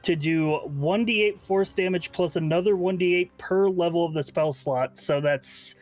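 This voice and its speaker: A man's voice: sits high, normal speed, darkish tone, soft background music. Casual, swearing man playing a tabletop game. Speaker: player. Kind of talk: playing a tabletop game, explaining his rolls.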